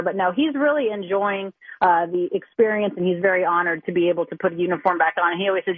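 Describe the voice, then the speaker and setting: A woman reporter speaks quickly and eagerly in a phone-in interview. Her voice is husky and comes through a tinny, narrow phone line. The sound is dry and close. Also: fairly low pitch, fairly even intonation, dry recording. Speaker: sports reporter calling in. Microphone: telephone.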